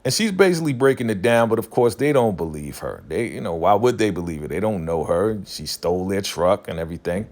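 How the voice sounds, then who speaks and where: Male recap host, deep voice, casual and animated, paraphrases characters' lines while retelling. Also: fairly quick, hardly any pauses. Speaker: recap reviewer.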